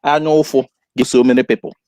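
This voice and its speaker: A man calling in to give advice, talking haltingly with many pauses. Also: medium pitch, steady tone, mellow, clear, resonant tone, no echo. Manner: halting, hesitant, with fillers. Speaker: caller. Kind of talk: call-in advice.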